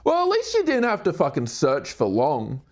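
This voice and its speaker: A man's voice: wildly swooping pitch, moderate pace. A young man livestreaming a puzzle and chatting with his viewers. He swears a lot, laughs often, and jokes around goofily. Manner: profane, goofy, laughs often; slips into silly high put-on voices. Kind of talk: casual livestream chat while doing a puzzle.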